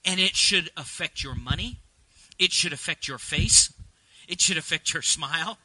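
High, bright-voiced preaching man. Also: moderate pace, breathy edge, no echo, rough recording. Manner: conversational, rising to emphatic preaching. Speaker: pastor. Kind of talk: sermon.

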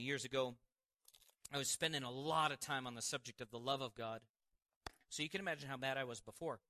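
A man preaching a sermon and telling a personal testimony, animated, with quick asides and frequent laughs. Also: mid-range voice. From Montana, United States.

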